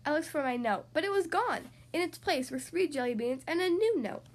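A woman hosting a children's podcast, reading a picture book aloud in an expressive, animated way. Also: high-pitched, brisk. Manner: animated and expressive, acting out the characters. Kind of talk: storybook read-aloud.

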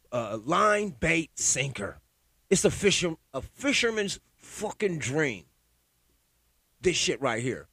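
A man's voice: sits high, fairly bright tone, breathy edge, no room sound. A man ranting alone in a heated, profane, conspiratorial way, repeating himself and building up steam. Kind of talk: profane solo rant.

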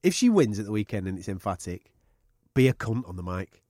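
Animated man, lively swearing chatter. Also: on the low side, a little fast, no echo, clean studio sound. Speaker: podcast co-host. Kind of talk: casual chat.

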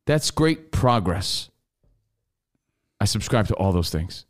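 A man's voice: on the low side, expressive, takes it slowly. Opinionated male sports talk host. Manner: opinionated, hedging, emphatic. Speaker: radio co-host. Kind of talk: casual sports talk banter.

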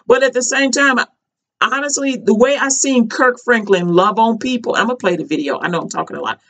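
A woman's voice: fairly high pitch, fairly quick. A woman commenting casually on a video, talking in an emphatic, repetitive, conversational way.

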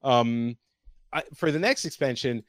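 A man co-hosting a gaming podcast, expressive and playful with frequent restarts. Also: medium pitch, a little slow, dry recording, clean studio sound. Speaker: podcast co-host. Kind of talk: casual gaming podcast chat.

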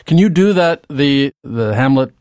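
A man's voice: medium pitch, animated, unhurried, darkish tone, smooth, no room sound, studio quality. A man interviewing guests, asking curious, appreciative questions.

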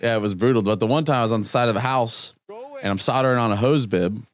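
A man in casual chat, telling animated stories and laughing often. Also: mid-range voice, fast talker.

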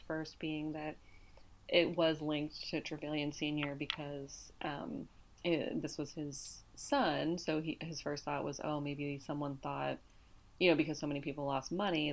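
A woman with a low-pitched voice talks through a book's plot in casual podcast chat. She is a little hoarse, and she rambles with plenty of "like" and "um" as she goes. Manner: chatty, summarizes plot with many fillers. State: slightly hoarse. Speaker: podcast co-host. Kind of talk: casual book discussion.

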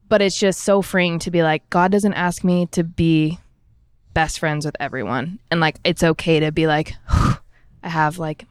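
Effusive chatty woman, smooth voice. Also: on the low side, no echo, studio quality. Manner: effusive, rambling, full of likes, pace swinging fast and slow. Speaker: book group member. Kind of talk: casual personal sharing.

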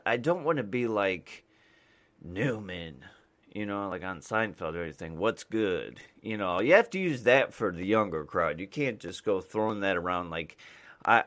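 A man from the United States, a mailman and podcast host, rambling casually with lots of fillers and restarts. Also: on the low side.

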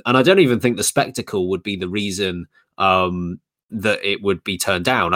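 A man's voice: low-pitched, bright, forceful tone. A man co-hosting a podcast, thinking aloud in casual chat with frequent ums and restarts. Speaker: podcast co-host.

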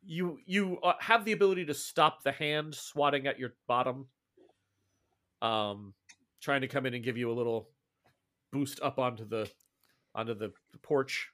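A man's voice: medium pitch, moderate pace, pauses often, sharp tone. A man running a tabletop game as game master, narrating in loose, rambling sentences.

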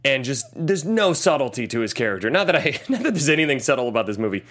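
A man hosting a casual movie podcast, talking at an ordinary middle pitch. He recaps scenes in an animated way, quoting lines and cracking jokes as he goes. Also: fast talker. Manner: animated storyteller, jokes and quotes clips. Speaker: podcast host reviewing a movie. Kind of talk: casual chat.

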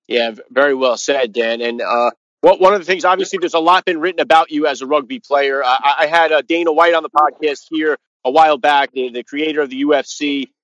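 A man hosting a podcast, asking questions with quick, stammering restarts. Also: a little high, a bit bright, no echo. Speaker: podcast host. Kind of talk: interview questions. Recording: dry, dull lo-fi audio.

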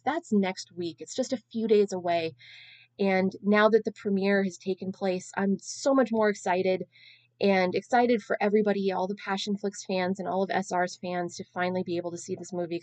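A woman's voice: mid-range voice, darkish tone, dry recording. A woman in her thirties hosting a podcast alone, telling a long-winded, self-deprecating story in a casual, chatty way. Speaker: podcast host.

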